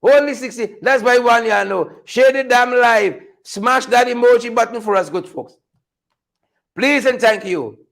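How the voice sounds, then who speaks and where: A man's voice: extremely high pitch, measured pace, creaky, fairly bright tone, low-quality recording. A man with a Guyanese accent hosting a political commentary livestream, sarcastic and repetitive, pleading with his viewers.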